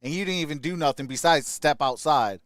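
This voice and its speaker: A man's voice: a little high, brisk, dry recording, clean studio sound. Upbeat man hosting a live stream. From Michigan. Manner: greets chat viewers by name, upbeat shout-outs. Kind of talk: casual live stream chat.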